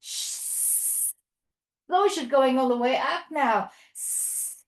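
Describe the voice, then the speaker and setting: A woman's voice: high-pitched, moderate pace. A woman leading a toddler yoga class, praising and guiding the children through a playful animal story. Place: yoga studio. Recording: echoey room.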